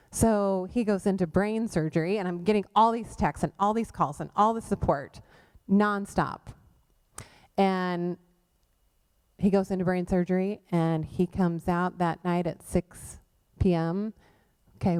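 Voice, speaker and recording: A middle-aged woman with a smooth, medium-pitched voice gives her personal faith testimony as a guest speaker at a church women's event. She tells it with animation, acting out the voices of the people she quotes.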